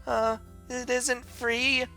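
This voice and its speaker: A man putting on a high, gushing schoolgirl. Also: flat delivery, extremely slow, creaky, pushed and bright, soft background music, heavily acted. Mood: whiny. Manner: whiny, gushing, high-pitched. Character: bubbly, clingy teenage girl heroine. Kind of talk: reading a visual novel aloud.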